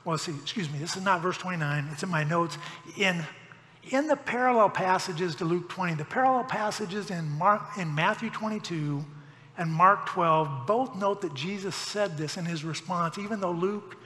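A man's voice: high voice, normal speed, bright, forceful tone, long reverb tail. A middle-aged man preaching a sermon as pastor, with folksy joking asides.

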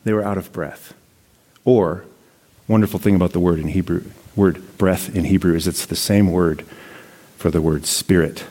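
A man's voice: sits low, steady tone, moderate pace, dark tone, husky. A man giving a sermon, reading scripture passages aloud and commenting on them in a conversational preaching tone. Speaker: pastor.

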